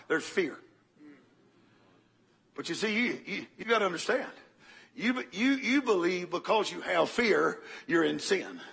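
An older man preaching a sermon, telling a story dramatically and swinging from loud bursts to hushed tones. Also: on the high side, gravelly, breathy edge.

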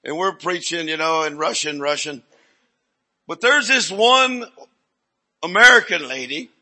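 An older man, preaching in a rambling, folksy storytelling sermon with sudden shouts. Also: fairly high pitch, unhurried.

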